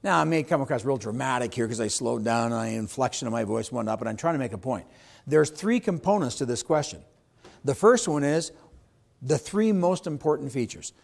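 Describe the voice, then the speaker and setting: A man's voice: medium pitch, expressive, brisk, gravelly, darkish tone. A middle-aged man teaching real estate agents at a seminar, speaking emphatically, asking the room questions and acting out what clients say. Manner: emphatic, asks the audience questions, acts out client quotes. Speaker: real estate sales trainer. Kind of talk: seminar talk to a live audience.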